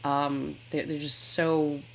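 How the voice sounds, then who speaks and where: A woman co-hosting a podcast, talking in a casual, animated, rambling way with plenty of swearing. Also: low voice, slow pace, creaky, slight background noise. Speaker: podcast co-host. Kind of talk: casual chat.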